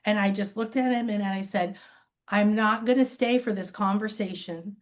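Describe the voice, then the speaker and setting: A woman's voice: mid-range voice, normal speed. A woman spiritual teacher talking casually as an interview guest, telling stories and acting out the voices of the people in them. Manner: animated, acts out quoted voices, laughs often. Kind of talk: casual conversational storytelling. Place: lives by a beach.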